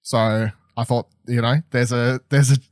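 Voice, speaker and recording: A young man co-hosting a podcast that reviews a TV episode chats casually, enthusiastic and rambling, with frequent fillers and restarts. He speaks in a mid-range voice at a measured pace, with flat delivery. The audio is studio quality, free of room sound.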